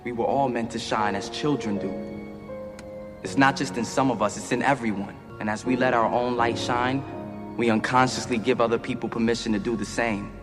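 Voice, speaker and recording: An actor as an earnest young student reciting. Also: male voice, mid-range voice, fairly even intonation, a little fast, natural voice. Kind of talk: film scene clip. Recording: film clip with reverb and music.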